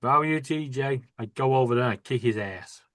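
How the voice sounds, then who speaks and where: A man with a mid-pitched voice banters in a casual group chat. He teases the others and swears freely, and the sound is close and dry. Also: a little fast, a bit bright, no echo. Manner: teasing, joking banter with swearing.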